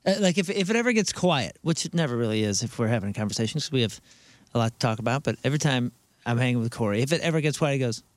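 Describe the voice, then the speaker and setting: A man co-hosting a casual podcast chat, reacting quickly and laughing along. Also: mid-range voice, lively intonation, no room sound. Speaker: podcast co-host.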